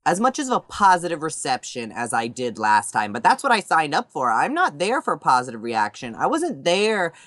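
Brief: sassy reality-show guest, very lively pitch, dry close sound. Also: male voice, normal speed, hardly any pauses, no echo. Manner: animated, sassy, laughs easily. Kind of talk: casual interview answers.

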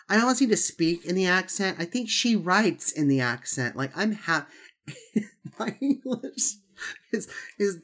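A man's voice: high voice, expressive, a little slow, fairly bright tone. Campy guy doing a funny audio blog, playful asides, chatty. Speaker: podcast host. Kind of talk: comedic audio blog reading.

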